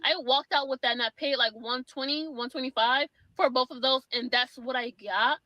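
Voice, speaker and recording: A young woman telling a story in a clip rants about a bad salon visit, sounding exasperated and speaking quickly with lots of fillers in a casual storytime style. Her voice sits high with fairly even intonation, and the recording has no room sound and cut-off highs.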